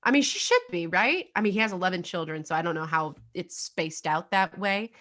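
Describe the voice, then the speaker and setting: A woman's voice: on the low side, lively intonation, brisk, fairly bright tone. A young adult woman co-hosting a casual true-crime podcast, chatty and full of fillers, laughing now and then. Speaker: podcast co-host.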